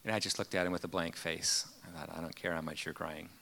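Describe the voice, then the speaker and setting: Guy preaching, kinda low but bright tone, earnest storytelling w lots of uhs. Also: flat delivery, fast, vocal fry. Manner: earnest, storytelling, many fillers. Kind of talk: sermon.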